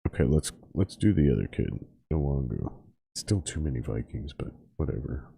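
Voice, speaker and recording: Man, very low voice, casual host, swearing, exasperated, drinking, dry close sound. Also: sing-song, moderate pace, gravelly, warm tone, husky, no echo. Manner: swearing, exasperated, talks to himself. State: drinking while talking. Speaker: podcast host. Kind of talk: casual profane rant and phone chat.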